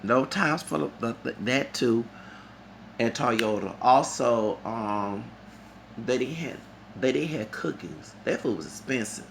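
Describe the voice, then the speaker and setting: A man's voice: mid-range voice, animated, measured pace, gravelly, slight background noise. A man reviewing a concert in a vlog, talking in a heated, rambling and profane way. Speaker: vlogger.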